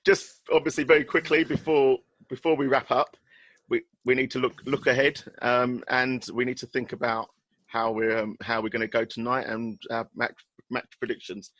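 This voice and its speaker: A man's voice: mid-range voice, level tone, normal speed, fairly bright tone, dry recording. Podcast host guy, friendly, handing round to the others, dry mic. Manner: friendly, wraps up the show and hands over to others. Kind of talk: casual podcast hosting.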